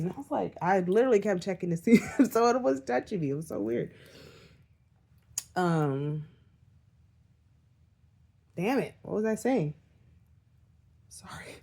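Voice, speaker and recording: A woman's voice: medium pitch, creaky, dark tone. A young woman giving a casual spiritual energy update, talking candidly and rambling, with frequent swearing and self-directed laughter. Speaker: spiritual vlogger.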